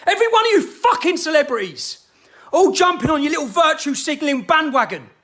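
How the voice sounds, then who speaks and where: Angry man in his thirties, pitched very high, tense and cutting, ranting to camera with constant swearing. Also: sing-song, brisk. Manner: furious, shouting, heavy swearing.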